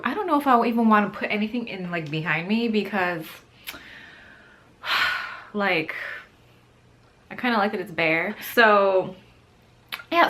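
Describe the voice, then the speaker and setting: A young woman chats to her camera at home, rambling loosely through her day with plenty of "like" and "um." Her pitch sits right in the middle for a woman, and she tosses in easy laughs between thoughts. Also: a bit bright. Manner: chatty, rambling, filler-heavy with frequent laughs. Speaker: beauty vlogger. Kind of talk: casual vlog chat to camera.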